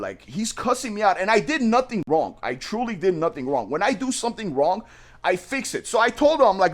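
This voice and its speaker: A man's voice: high-pitched, very animated, a little fast. A man who owns a small business tells a story casually, repeating himself and using slang like "bro" and "man".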